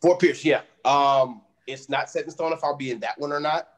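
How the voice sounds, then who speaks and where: A man's voice: a little high, moderate pace. A man from Illinois, a pro wrestler, chatting casually as a podcast guest and laughing often.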